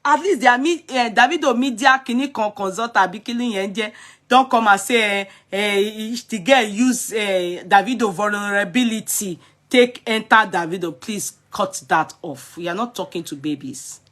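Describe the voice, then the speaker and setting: A Nigerian woman with a Yoruba accent giving animated, scolding commentary in a casual vlog. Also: medium pitch, moderate pace.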